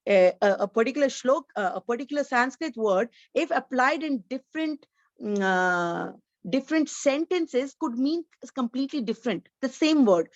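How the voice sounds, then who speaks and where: A woman's voice: sits high, darkish tone, dry recording. Woman teaching a scripture class online, earnest and explaining, dry lo-fi mic. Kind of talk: scripture lecture.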